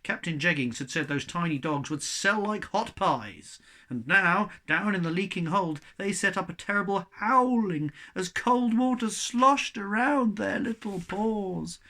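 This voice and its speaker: A man reading a children's novel aloud to young pupils, with a chatty, expressive manner. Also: sits high, unhurried.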